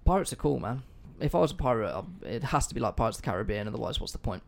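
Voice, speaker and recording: A man's voice: medium pitch, animated, rapid-fire, vocal fry. A man hosting a casual history podcast, chatty and offhand, swearing freely. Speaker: podcast host.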